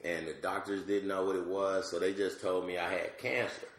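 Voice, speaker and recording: A man with a very low, gravelly voice tells a comic story in a loose, casual way. He is from Georgia and jumps into acted voices as he goes. The room around him is echoey. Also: moderate pace. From Georgia, USA. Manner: animated, acts out voices with big pitch jumps. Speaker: comedian guest.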